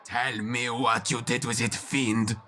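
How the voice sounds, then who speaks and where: An actor playing a grieving, furious nobleman father with a French accent, shouting imperiously in a video game. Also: mid-range voice, level tone, unhurried, slight background noise. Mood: bitter grief. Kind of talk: game voice acting.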